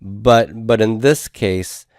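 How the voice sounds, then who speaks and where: A man's voice: lowish voice, fairly even intonation, slow, darkish tone, no room sound, clean studio sound. A man teaching a recorded lesson, explaining step by step in a patient, methodical way with frequent fillers. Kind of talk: recorded classroom lecture.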